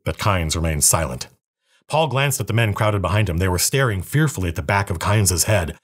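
A man reading a novel aloud with a steady, even storytelling manner. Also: low voice, fairly quick, slightly rough.

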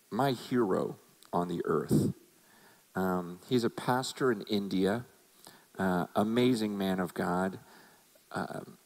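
A man's voice: lowish voice, darkish tone, poor audio. A man preaching a sermon as a pastor, talking earnestly and conversationally and often repeating words as he restarts.

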